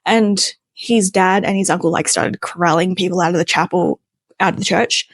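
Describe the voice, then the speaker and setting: A woman's voice: fairly low pitch, normal speed, dry recording. A young woman telling a wild personal story in a casual, chatty way, acting out the voices of the people in it. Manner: animated, chatty, acts out quoted voices.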